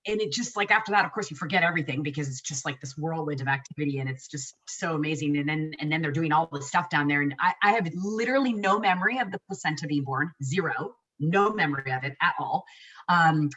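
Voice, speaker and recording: A woman's voice: deep voice, quick pace, a bit bright, distant mic, low-quality recording. A woman in her forties telling her own birth story in casual chat, emotional and rambling with many restarts.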